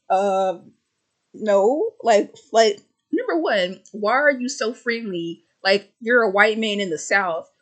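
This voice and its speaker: A woman with a stutter reviewing a film in casual, rambling chat, full of fillers and repeated words, slipping into quick voices for the characters. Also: mid-range voice, fairly bright tone. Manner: acts out characters' lines in quick put-on voices.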